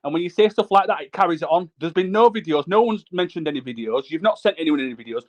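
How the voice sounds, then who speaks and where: Man, rapid talk, slightly high voice, blunt and sweary, livestream panel. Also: lively intonation, lo-fi sound. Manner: blunt, sweary, repeats himself insistently. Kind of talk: heated livestream panel chat.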